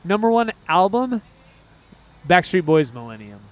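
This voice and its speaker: A man co-hosting a casual music podcast, talking in an excitable, rambling way with quick asides. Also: sits high. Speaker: podcast co-host. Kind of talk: casual chat.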